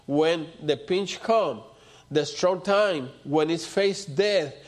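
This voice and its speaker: A man's voice: fairly high pitch, slow pace. A man preaching a sermon, repeating his points and building to emphatic outbursts.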